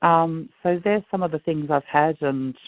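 A man's voice: on the high side, moderate pace, no room sound. A middle-aged man giving a rambling, earnest, agitated personal account over a phone line. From Australia. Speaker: guest. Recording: dry tinny phone-like line.

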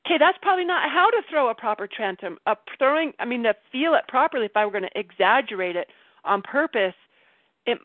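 Woman with a high voice on a tinny call. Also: fast talker, no room sound. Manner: animated, laughs often, self-mocking. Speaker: group call leader. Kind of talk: casual group coaching chat. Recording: tinny phone line, dry.

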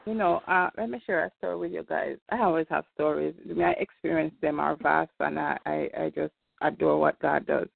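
An older woman, a grandmother, earnestly and emphatically shares a faith testimony as a participant on a community call, in a casual storytelling style. Her low voice has fairly even intonation, normal speed, vocal fry and few pauses. The dry recording comes through a tinny phone line.

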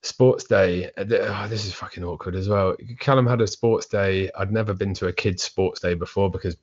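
A man's voice: sits low, moderate pace. A man, chatting as a podcast guest and telling stories, laughing often and restarting his sentences. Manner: laughing, lively storyteller with frequent restarts. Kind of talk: casual chat. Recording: dull lo-fi podcast audio.

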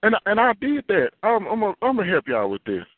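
A prophet preaches an earnest, confessional sermon in a high-pitched male voice with huge pitch swings and a quick pace, repeating his key phrases as he goes. The audio is dry, with a tinny phone-line sound.

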